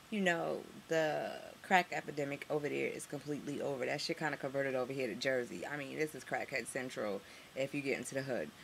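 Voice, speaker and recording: A woman's voice: deep voice, gravelly, slight background noise. A woman from Harlem with a New York accent, ranting to camera as a vlogger, profane and sarcastic, her voice jumping up when she gets outraged.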